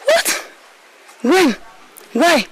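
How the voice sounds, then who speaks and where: Woman playing a sweet nigerian princess, high voice, reassuring. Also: lively intonation, moderate pace, noisy background, natural voice. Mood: gentle. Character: young royal princess, kind and protective. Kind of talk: film drama acting.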